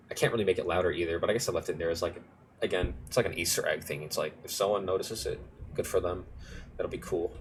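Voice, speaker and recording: A man's voice: sits low, a bit bright, slight background noise. A young man casually walking through his music project file, rambling and correcting himself as he goes. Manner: rambling, self-correcting, offhand. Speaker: music producer. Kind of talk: casual screen-recorded tutorial walkthrough.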